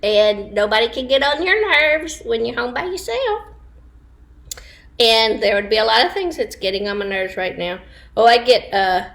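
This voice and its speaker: A woman's voice: on the high side, big pitch swings, moderate pace, creaky, fairly bright tone. A woman chatting casually to online viewers from home, laughing often and wandering into asides. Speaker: livestream host. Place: home, indoors.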